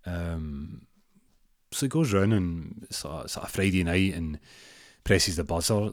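A man's voice: sits low, a little slow, no room sound, studio quality. A man improvising a comic story, rambling and repeating words with many fillers.

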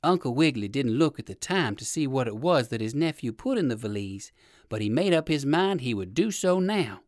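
A man narrating a children's storybook in a gentle, expressive read-aloud manner. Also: mid-range voice, fairly quick, no room sound, studio quality.

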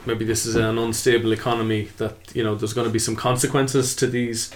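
A man co-hosting a comedy podcast, chipping in with quick joking asides. His voice sits at a middling pitch for a man. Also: little pitch movement. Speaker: podcast co-host.

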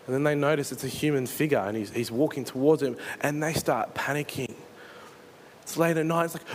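Earnest pastor preaching. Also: male voice, medium pitch, fast, a little hiss or hum. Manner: earnest storytelling, dramatizes scenes. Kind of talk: sermon.

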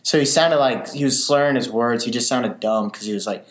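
Young dude on a podcast, rambling stories, cusses a lot, sounds like a roomy space. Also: male voice, medium pitch, brisk, slight background noise. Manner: loose storytelling with swearing and laughs. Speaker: podcast co-host. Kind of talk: casual chat. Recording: roomy echo.

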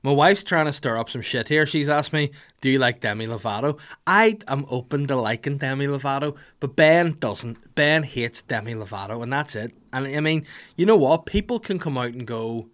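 A man's voice: medium pitch, normal speed. A man in his thirties with a Northern Irish accent, hosting a podcast in a casual comedic rant and acting out little scenes. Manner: animated, jokey, acts out little scenes with voices. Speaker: podcast host.

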